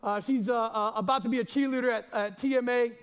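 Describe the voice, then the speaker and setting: A man's voice: very high-pitched, steady tone, fast talker, clean tone. A man in his forties, a pastor preaching a sermon in a chatty, jokey way, stumbling over repeated words and fillers.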